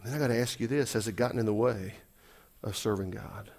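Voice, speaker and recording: A man preaching a sermon, animated, swinging between loud emphatic lines and soft asides, acting out quotes. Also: on the low side, brisk. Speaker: pastor.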